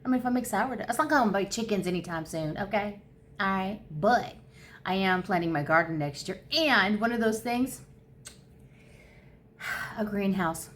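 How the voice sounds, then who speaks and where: A woman's voice: medium pitch, moderate pace, long pauses. Bubbly rambling woman in her fifties. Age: 50s. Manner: bubbly, rambling, easily excited. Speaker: crochet vlogger. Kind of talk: casual chat. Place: her home.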